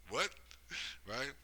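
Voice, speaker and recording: A man's voice: sharp tone, rough recording. A man giving a rambling, profane monologue, driving his points home with constant tag questions. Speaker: commentator. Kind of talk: casual monologue.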